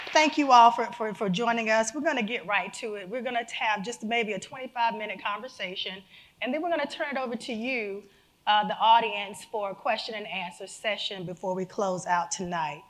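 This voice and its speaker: A woman's voice: mid-range voice, fairly bright tone. A woman moderating a museum panel discussion, introducing guests in an upbeat manner with laughing asides. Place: museum auditorium.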